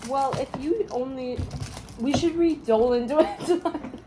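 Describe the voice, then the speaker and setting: A woman with a fairly high voice, chatting casually and reading fanfic aloud, laughing often as she goes. A steady noise sits under the recording. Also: unhurried. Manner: giggly, breaks into laughter while reading. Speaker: co-host.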